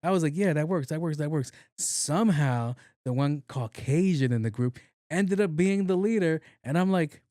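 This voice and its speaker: A man's voice: a little high, animated, normal speed, warm tone, no echo, clean studio sound. A man hosting a podcast, telling a workplace story in a casual, profane, joking way and acting out the dialogue. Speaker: podcast host.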